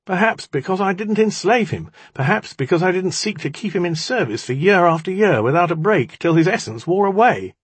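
A man reading an audiobook, voicing a defiant, sharp-tongued young woman with scornful, clipped retorts. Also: mid-range voice, lively intonation, a little slow, breathy edge, no echo, voice pushed up.

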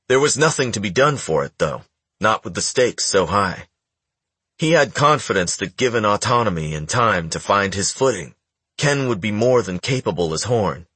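Low, husky man for audiobook narration, dry booth, measured delivery. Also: no echo. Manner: measured, even storytelling. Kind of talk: scripted narration.

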